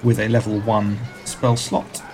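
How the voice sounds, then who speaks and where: A man's voice: on the low side, completely flat delivery, a little slow, music in the background, rough recording. A man playing a tabletop game, wryly describing what his character does. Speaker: player. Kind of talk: casual play at a tabletop game.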